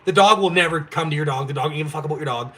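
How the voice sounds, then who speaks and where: A man's voice: a little high, rapid-fire, sharp tone, a little hiss or hum. A young man from Canada hosting a live stream, ranting in a blunt, profane, fired-up way. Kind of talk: ranting casual chat.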